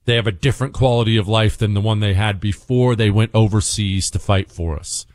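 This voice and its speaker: In a clean studio recording with no room sound, a young man hosting talk radio delivers an opinionated monologue. He rants with emphasis and sarcasm in punchy, repeated lines. His voice sits lowish and has a darkish tone, and he speaks briskly.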